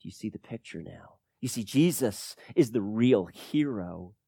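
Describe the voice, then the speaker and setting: A man's voice: on the low side, expressive, unhurried, vocal fry, slightly rough, no room sound. Emphatic male preacher, dry close sound. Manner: swings from hushed to loud, emphatic preaching. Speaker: pastor. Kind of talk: sermon.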